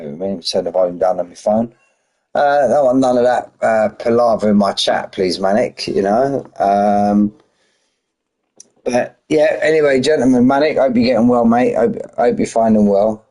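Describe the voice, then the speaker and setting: Brief: middle-aged bloke, slightly low voice, loose banter-heavy stream chat, greets chat by name. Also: male voice, moderate pace, dark tone. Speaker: sim racing league commentator.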